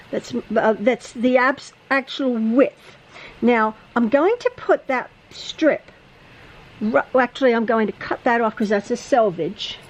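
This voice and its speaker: A woman's voice: high-pitched, low-quality recording. A woman teaching quilting in a chatty, casual tutorial from her home sewing room, often repeating herself and stumbling over words. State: a little out of breath.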